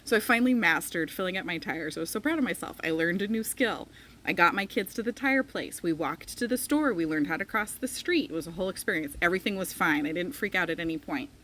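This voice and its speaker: A woman in her thirties talks in a slightly low voice, telling a personal story to the camera. She speaks loosely and chattily, scattering "like" through her sentences. A faint hiss runs underneath. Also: animated, quick pace, a bit bright, rough recording. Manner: chatty, frequent "like" fillers, emotional retelling. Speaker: spiritual coach. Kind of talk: casual personal storytelling vlog.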